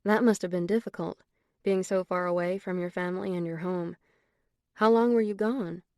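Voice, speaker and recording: A woman voicing a young woman on a date, speaking softly and sweetly with a coy manner. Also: fairly low pitch, steady tone, normal speed, dry recording, clean studio sound, close to an everyday voice. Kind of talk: audiobook character voice.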